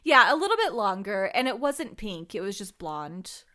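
A woman's voice: medium pitch, sing-song, moderate pace, pushed and bright. A young woman co-hosting a podcast in casual chat, blunt and exasperated, with plenty of swearing. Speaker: podcast co-host.

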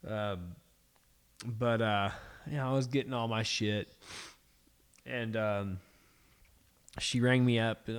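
A man's voice: lowish voice, slow pace, pauses often, clear, resonant tone. A man co-hosting a podcast, venting in a profane, exasperated casual chat. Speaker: podcast co-host.

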